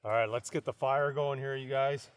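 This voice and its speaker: A man's voice: mid-range voice, fairly even intonation, normal speed, long reverb tail, heavy background noise. A man vlogging a campfire breakfast outdoors, chatting casually to his viewers. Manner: chatty, addresses viewers as "you guys". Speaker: homestead vlogger.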